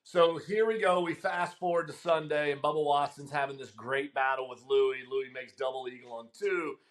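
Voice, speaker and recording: A middle-aged man, here as a guest caddie, recounts a long story in casual chat at normal speed. His pitch is fairly high, and he's animated, laughing, and full of ums.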